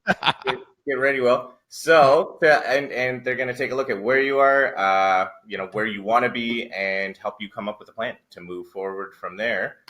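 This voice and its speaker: A man's voice: medium pitch, steady tone, normal speed, bright, forceful tone. A man from Canada hosting a casual webinar Q&A on a video call, upbeat and full of fillers. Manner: upbeat, filler-heavy, laughing along. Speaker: webinar host.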